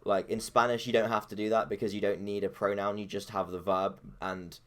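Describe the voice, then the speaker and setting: A man's voice: on the low side, little pitch movement, a little fast, fairly bright tone, slight background noise. A man co-hosting a podcast, explaining things in a hesitant, hedging way with many fillers. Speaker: podcast co-host. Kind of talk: casual chat.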